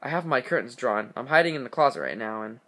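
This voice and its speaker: A man reading the part of a frightened mother who calls the police while hiding in the dark. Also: mid-range voice, lively intonation, fast. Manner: pleading, breathless phone caller.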